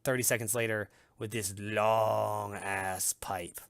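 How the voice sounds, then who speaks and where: A man's voice: lowish voice, level tone, slow, creaky, a loud crowd. A man running a tabletop game as game master, narrating loosely with casual fillers.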